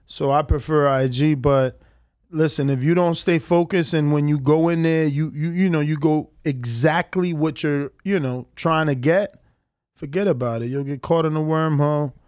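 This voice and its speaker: A man's voice: a little high, normal speed, no room sound, clean studio sound. A man chatting casually about boxing and social media, reading out quotes animatedly. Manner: animated, reads quotes aloud with laughs. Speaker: podcast co-host. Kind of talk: casual chat.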